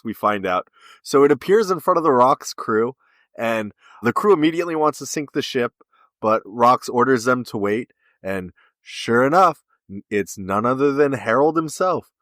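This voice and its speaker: A man's voice: medium pitch, a bit bright, dry recording, studio quality. A man co-hosting a podcast, casually recapping a story scene by scene and quoting the characters' lines. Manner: retells scenes with quoted dialogue. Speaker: podcast co-host.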